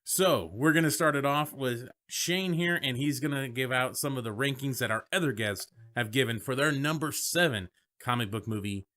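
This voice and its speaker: Bright, forceful joking male podcast host. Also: mid-range voice, normal speed, few pauses. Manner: joking, profane, laughs often. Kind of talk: casual podcast chat. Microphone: remote guest on a phone line.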